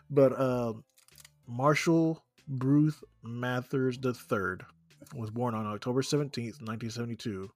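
A man's voice: mid-range voice, slow pace, no room sound. A man hosting a podcast in casual chat, easygoing, with many ums. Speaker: podcast host.

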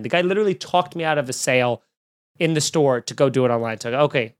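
A man telling a long, animated story in casual talk, swearing and acting out both sides of the calls he describes. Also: medium pitch, fast talker, clean tone, dry recording, clean studio sound.

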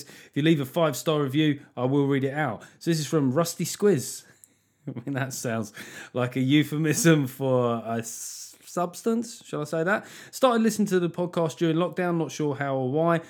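A middle-aged comedian talking alone into a podcast mic in a mid-pitched, everyday voice. He rambles, doubles back on himself and drops wry, self-mocking asides. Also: darkish tone. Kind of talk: casual solo podcast chat.

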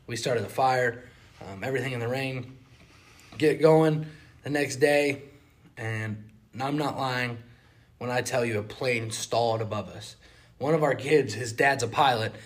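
A young man with a Southern US accent, telling travel stories on a casual podcast, acting out quotes and sound effects. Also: medium pitch. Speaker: podcast co-host. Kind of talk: casual storytelling chat.

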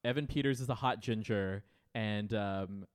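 A man's voice: fairly low pitch, unhurried. A man co-hosting a podcast in casual chat, talking to listeners with frequent stammering restarts. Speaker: podcast co-host.

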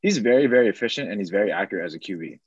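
A man's voice: fairly low pitch, expressive, racing, breathy edge, no room sound, highs cut off. A man on a casual sports podcast, running through fantasy football stats and waiver picks. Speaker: fantasy football segment host.

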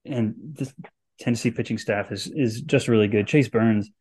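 A man's voice: fairly low pitch, moderate pace, a little mellow, slightly rough. A man co-hosting a college baseball podcast in casual chat, with a rambling flow full of "like.". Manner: rambling, many "like" fillers. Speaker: podcast co-host.

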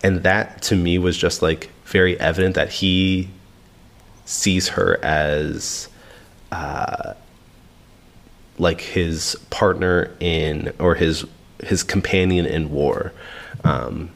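Male co-host, very low voice, reflective and searching, casual book talk. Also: steady tone, slow pace, creaky, pauses often. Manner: thoughtful, searching for words. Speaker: podcast co-host.

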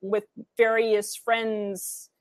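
A woman from the US with a Midwestern American accent, explaining things in a measured way in a casual chat. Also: mid-range voice, flat delivery, no room sound. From US, grew up in DC, LA, Chicago.

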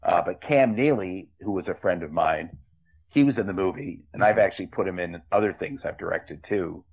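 An older man, a film director, tells rambling, chatty stories full of asides during an interview. His voice is low, brisk and slightly rough, heard over a tinny, phone-like remote line.

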